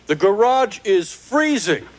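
A man voicing a cocky, cheeky male alien in a sitcom, with a nasal, gravelly voice and brash, joking comebacks. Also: high-pitched, big pitch swings, takes it slowly, full character voice. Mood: wisecracking. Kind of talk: sitcom acting with laugh track.

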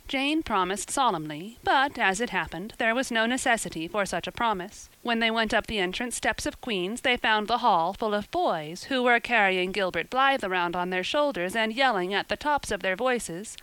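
A woman narrating a novel in a measured, gentle storytelling manner. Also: mid-range voice, animated, smooth, no echo, poor audio. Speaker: audiobook narrator. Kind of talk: scripted narration.

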